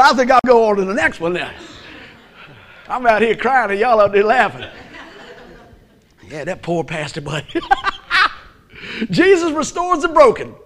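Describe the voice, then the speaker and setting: A man's voice: sits high, a bit bright. A middle-aged man, a pastor preaching a sermon in a conversational, humorous way with call-and-response.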